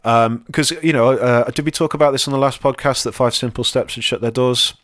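A man's voice: mid-range voice, steady tone, fairly quick, a bit bright, no room sound, clean studio sound. A man co-hosting a podcast, chatting casually and rambling with plenty of ums and self-deprecating asides. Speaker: podcast co-host and conference speaker.

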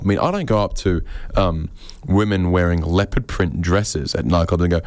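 A man doing a rambling, deadpan, self-deprecating stand-up monologue on radio. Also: low-pitched, normal speed, no room sound. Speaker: comedian.

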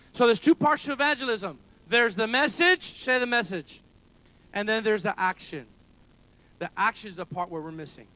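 A man preaching a sermon as pastor, calling out to the congregation for amens and rising to shouts. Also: high voice. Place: church service held in a school building.

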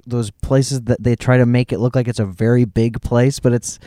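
A man from Florida talking in a relaxed podcast chat, halting and restarting as he searches for words. His pitch is mid-range and the room is dry. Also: no echo. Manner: hesitant, restarts often. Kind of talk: casual chat.

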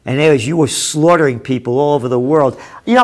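A man's voice: a little high, brisk, hardly any pauses. Sarcastic man ranting over headlines. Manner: sarcastic, profane, grows heated and loud. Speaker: host. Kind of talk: reading and ranting about news headlines.

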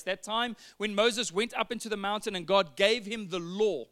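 A male pastor preaching a sermon, earnest and animated, reading scripture and breaking into acted asides. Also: sits high, normal speed, hardly any pauses.

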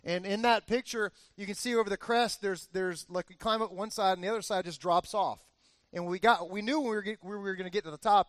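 A man in his forties preaching a sermon as pastor, telling a lively family story and acting out the cheers. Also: high-pitched, no room sound. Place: church.

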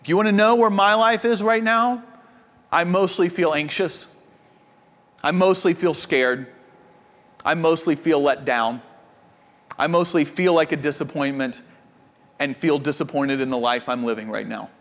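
A man delivers a sermon from the pulpit, his voice high and light for a man. He moves between impassioned swells and hushed, intense moments. Long reverb from the church sanctuary trails behind each phrase. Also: unhurried, long pauses. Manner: impassioned preaching, dropping to quiet intensity. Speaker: pastor. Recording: reverberant hall.

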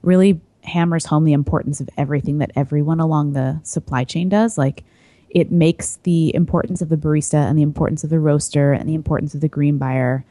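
Woman, 30s, podcast guest; low-pitched, mellow, dry close sound, chatty with fillers. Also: steady tone, fairly quick, no room sound. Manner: chatty, laughs easily, trails into fillers. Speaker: podcast guest, coffee importer. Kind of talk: casual chat.

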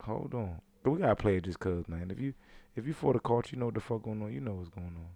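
A man's voice: on the low side, lively intonation, fast, gravelly, dark tone. A man co-hosting a podcast, chatting casually in a laid-back, rambling way, with plenty of swearing. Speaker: podcast co-host. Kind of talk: casual chat.

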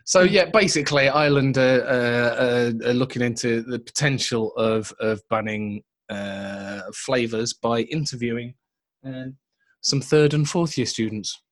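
A man's voice: mid-range voice, a little slow. Bantering man reading podcast news. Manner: banter-heavy, swears freely, reads news aloud. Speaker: podcast co-host. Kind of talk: casual chat.

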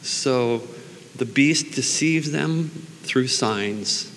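Guy giving a relaxed bible talk, gravelly voice, long echo and faint hum behind. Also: mid-range voice. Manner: unhurried, earnest, with fillers and prayers. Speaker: preacher. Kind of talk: informal Bible teaching. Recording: long reverb, faint background noise.

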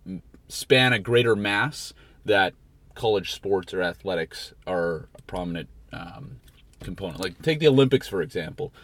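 A man's voice: deep voice, a bit bright. A man from Canada hosting a casual podcast interview, teasing and asking long rambling questions. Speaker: podcast host.

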